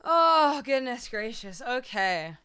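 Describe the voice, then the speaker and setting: Bright, bubbly woman streamer chatting. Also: on the high side, sing-song, slow, smooth. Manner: bubbly, laughing, talking to chat. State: tired, voice not at full strength. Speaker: musician livestreamer. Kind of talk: casual livestream chat.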